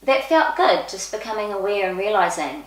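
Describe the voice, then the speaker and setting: A middle-aged woman tells personal stories in a relaxed vlog. She is chatty and lively, and she acts out what people said. Her voice has a middle pitch and bounces around a roomy, echoey space. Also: moderate pace, noisy background. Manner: chatty and expressive, acts out quoted speech. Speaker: vlogger. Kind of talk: casual personal storytelling. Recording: echoey room.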